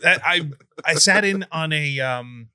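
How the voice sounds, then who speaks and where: A man's voice: on the high side, a little slow, bright, forceful tone, clear, resonant tone, no room sound, clean studio sound. A man hosting a podcast interview, chatting casually with a self-deprecating, jokey manner. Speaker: podcast host.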